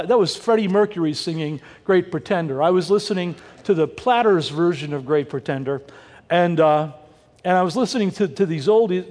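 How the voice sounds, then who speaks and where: High-voiced older man preaching in a hall. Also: a little mellow. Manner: conversational, punny, asks the congregation questions. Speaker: pastor. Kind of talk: sermon.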